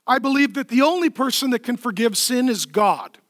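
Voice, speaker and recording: Man, pastor, sermon, emphatic conversational preaching, high pitch, bright tone. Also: lively intonation, fairly quick, dry recording, clean studio sound. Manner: emphatic, conversational preaching with repeated rhetorical questions.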